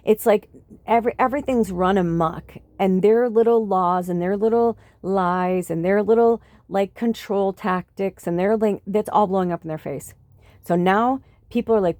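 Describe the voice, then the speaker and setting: A woman's voice: mid-range voice, normal speed, dark tone, no room sound. A woman hosting a spiritual podcast, talking in a rambling, impassioned monologue full of fillers and swearing.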